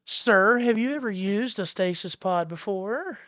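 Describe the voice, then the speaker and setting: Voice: mid-range voice, unhurried, a bit bright, no room sound, lightly acted. A game master voicing an overly cheery, medically happy male flight attendant in a tabletop game role-play. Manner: bubbly, flustered when confused.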